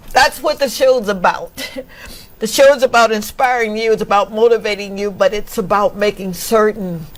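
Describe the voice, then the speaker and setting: A woman's voice: medium pitch, a little slow. A woman talk show host from Mississippi, emotional and laughing often as she thanks her audience. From Mississippi, USA. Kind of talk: casual chat.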